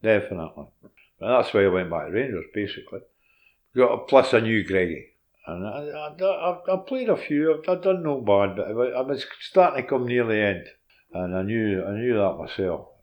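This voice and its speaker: An older man with a Scottish accent, a former footballer telling animated stories in a casual interview and acting out the dialogue. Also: fairly low pitch, moderate pace. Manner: animated anecdotes, laughs while telling, drops into quoted dialogue.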